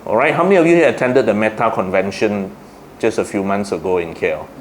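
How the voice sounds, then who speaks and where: A man's voice: on the low side, fast talker, a little hiss or hum. A man with a Malaysian English accent giving a Buddhist Dhamma talk to a congregation, putting questions to the audience and answering them himself. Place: Buddhist society hall.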